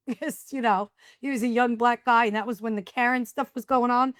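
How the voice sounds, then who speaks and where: A woman's voice: fairly high pitch, normal speed, no room sound, studio quality. A middle-aged woman, a podcast guest, telling stories in casual talk and acting out the dialogue. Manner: animated storyteller acting out dialogue. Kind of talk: casual storytelling.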